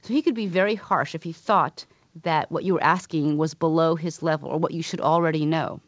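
A woman physician reading her own essay aloud and then answering interview questions in a measured, wry storytelling manner. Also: deep voice, dry recording. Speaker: physician and author. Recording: slightly dull, lo-fi sound.

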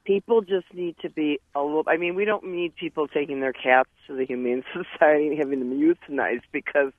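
A man's voice: on the high side, brisk, no room sound. Male caller on a tinny phone line. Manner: animated storytelling with laughs. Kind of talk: call-in story. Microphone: telephone.

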